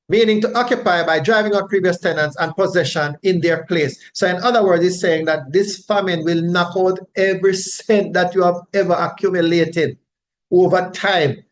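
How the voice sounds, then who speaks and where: Slow, explanatory male Bible teacher. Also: high-pitched. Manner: unhurried, explanatory, frequent tag questions.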